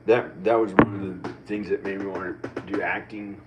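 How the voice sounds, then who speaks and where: A man's voice: sits low, little pitch movement, moderate pace. A man in his forties with an American country accent, musing in a meandering, self-questioning monologue full of restarts. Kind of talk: rambling personal monologue. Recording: distant mic with faint background noise.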